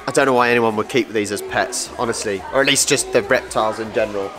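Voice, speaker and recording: Over background music, a fairly low-pitched, fast-talking Englishman gives casual walk-and-talk commentary for his travel vlog. He wanders an outdoor wildlife park and reptile house, joking around about the animals as he films.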